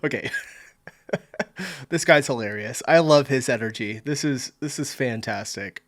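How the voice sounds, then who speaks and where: An American man hosting a reaction video, relaxed and amused, chatting casually. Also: mid-range voice, unhurried, pauses often. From United States. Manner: relaxed, amused, laughs along.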